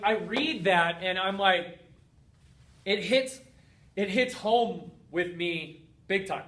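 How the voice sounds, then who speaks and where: A man's voice: high voice, slow, pauses often, fairly bright tone. A man hosting a heartfelt motivational talk as a fitness coach, earnest and emphatic, stacking up repeated phrases.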